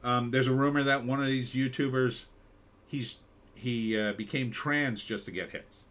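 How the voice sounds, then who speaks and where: A man's voice: mid-range voice, steady tone, a little slow, fairly bright tone. Rambling American man live-streaming. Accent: mid-Atlantic American. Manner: rambling, conversational, with mock announcer bits. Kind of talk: casual commentary reading chat.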